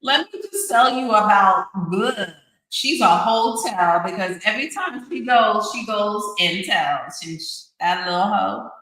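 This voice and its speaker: A woman's voice: mid-range voice, expressive, a little slow, bright, forceful tone. A woman co-hosting a podcast in casual chat, playful and teasing with sly jokes. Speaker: podcast co-host. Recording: roomy echo.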